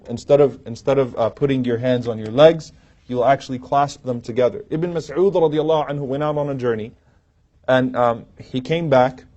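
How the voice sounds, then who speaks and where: A man's voice: mid-range voice, warm tone. A man teaching an Islamic lecture from a podium to a live audience, telling stories and acting out quoted lines with humor. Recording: dull, muffled lo-fi recording.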